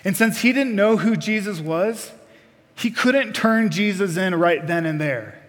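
A man's voice: sits high, animated, a little slow, a bit bright, long reverb tail. A man preaching a sermon, putting direct questions to the congregation with folksy asides.

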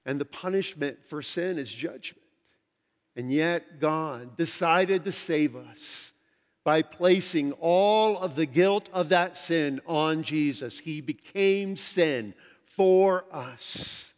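A pastor preaching a sermon to his congregation, earnest and conversational, slowing down to stress key phrases, his throat a little dry. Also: fairly high pitch. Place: large church sanctuary. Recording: long hall reverb from a large church.

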